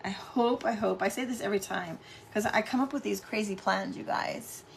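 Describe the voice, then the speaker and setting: A middle-aged woman hosts a casual live craft stream from home, chatting with viewers and greeting them by name. Her mid-range voice has some vocal fry and moves at normal speed, with slight background noise.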